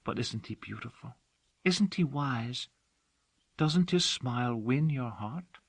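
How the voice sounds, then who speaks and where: A man's voice: medium pitch, animated, slow pace, gravelly, dry recording, pitched above the performer's own voice, heavily acted. A man reading an audiobook, voicing a devoted young female servant who talks earnestly and dotingly. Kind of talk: audiobook character voice.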